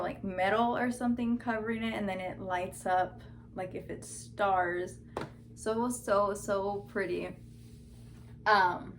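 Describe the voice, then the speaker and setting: A woman's voice: mid-range voice, slight background noise. A young woman vlogger telling a story in casual chat, full of "like" and acted-out quotes. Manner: chatty, fillers like "like", quoted dialogue.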